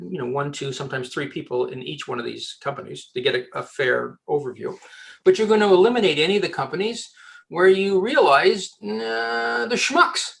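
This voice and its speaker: Man, headhunter guest, lively and joking, many restarts, slightly high voice. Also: creaky. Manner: animated and joking, with frequent restarts. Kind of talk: casual advice in a podcast interview.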